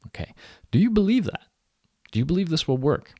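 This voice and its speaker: A man's voice: on the high side, very animated, brisk, dark tone, dry recording. A man giving a recorded university lecture in a conversational way, with restarts and acted-out quotes. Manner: conversational, acts out quoted people animatedly.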